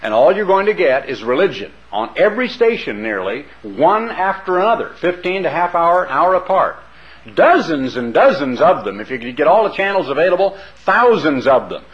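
A man's voice: a little high, big pitch swings, moderate pace. A man preaching a sermon, mixing scripture with folksy asides and pointed questions to the congregation. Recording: dull lo-fi recording.

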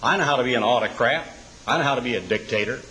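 A man's voice: medium pitch, rapid-fire, pushed and bright, natural voice, poor audio. A man voicing a harsh young male king who boasts of ruling with a heavy hand, in a retold scripture story. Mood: boastful. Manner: boastful threats.

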